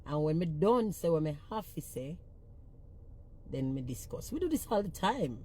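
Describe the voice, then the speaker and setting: A woman's voice: low voice, very animated, moderate pace, darkish tone, husky. A woman with a Jamaican accent ranting on a phone livestream, blunt and profane as she scolds her commenters. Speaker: social media personality.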